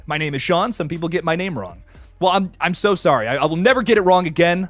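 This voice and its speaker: A man's voice: a little high, expressive, a little fast, fairly bright tone, no room sound, soft background music. A young man hosting a casual live stream, greeting chatters with hype and swearing casually. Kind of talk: casual live stream chat, reading comments.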